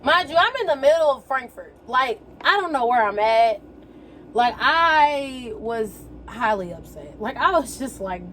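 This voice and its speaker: A young adult vlogger tells a story while getting ready, casual and animated, at a measured pace. Her voice sits high, and she often slips into slangy quoted exclamations. A faint room hum stays in the background.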